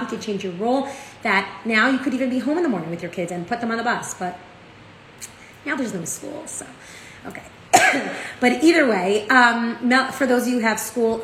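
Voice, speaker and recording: A woman teaching a casual Torah lesson. She tells stories in a chatty, animated way, often checking in with "right?". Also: fairly high pitch. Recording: echoey room with faint ambient noise.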